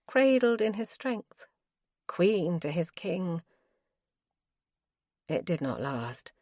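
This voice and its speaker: A woman narrating an audiobook in a measured, even reading style. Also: on the low side, no room sound, studio quality. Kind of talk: scripted narration.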